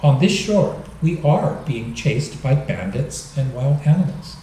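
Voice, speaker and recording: A man giving a dharma talk, explaining gently and joking now and then, recorded in a temple hall. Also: medium pitch, sing-song, a little slow, a little hiss or hum. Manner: gentle, explanatory, with light humor. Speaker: minister. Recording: echoey hall, mic at a distance.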